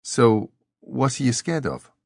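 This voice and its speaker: Brief: an inquisitive, soft-spoken young man in an audiobook, his voice lifted slightly, as the narrator reads him. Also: mid-range voice, sing-song, takes it slowly, creaky, no echo, studio quality, pitched above the performer's own voice, heavily acted. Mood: gentle. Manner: inquisitive, gentle questions. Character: curious, kindly young man, new to a strange world.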